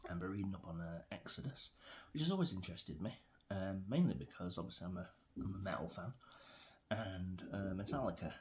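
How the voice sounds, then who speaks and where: Deep-voiced English man ranting. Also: animated, fairly quick, darkish tone, a little hiss or hum. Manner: meandering, opinionated, many fillers and restarts. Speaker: vlogger. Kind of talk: rambling opinion rant to camera.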